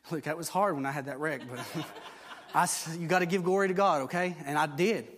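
High-voiced preacher shouting scripture. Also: male voice, fairly quick. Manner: swings between loud proclaiming and low mocking asides. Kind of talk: sermon. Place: church.

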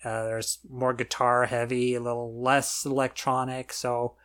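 A podcast co-host chatting casually at a medium pitch. The delivery is relaxed and agreeable, with frequent murmured affirmations. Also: a little slow. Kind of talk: casual chat.

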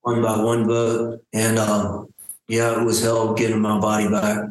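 Man, interview guest, halting delivery, flat steady pitch, strong room echo. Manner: halting, with restarts and trailing phrases. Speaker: guest, coma survivor. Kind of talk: personal storytelling in an interview. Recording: very echoey room.

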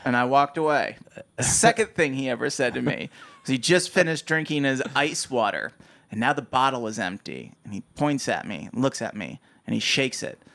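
Animated, laughing male storyteller. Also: medium pitch, normal speed, gravelly. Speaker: podcast co-host. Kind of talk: casual chat.

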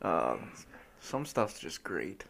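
A man's voice: low-pitched, big pitch swings, extremely slow, vocal fry, fairly bright tone. A young man co-hosting a podcast, telling funny stories in casual chat and laughing often. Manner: laughing storyteller, says dude a lot. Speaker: podcast co-host.

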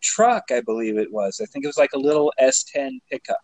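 A man's voice: mid-range voice, fairly quick, no room sound, poor audio. Tipsy man telling a rambling story. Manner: rambling, many fillers, laughing, swearing, animated when retelling. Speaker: podcast co-host telling a story. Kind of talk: casual storytelling chat.

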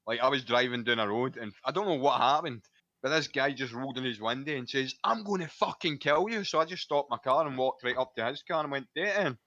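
A man's voice: medium pitch, quick pace, bright, forceful tone, no echo, dull audio. A man co-hosting a casual podcast, telling stories with lots of swearing. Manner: crude, swearing, storytelling. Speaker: podcast co-host.

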